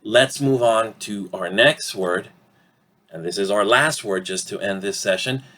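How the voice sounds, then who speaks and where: Slow, low-voiced male English teacher. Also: sharp tone. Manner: slow, deliberate modeling of words, frequent "okay?" checks. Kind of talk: online lesson.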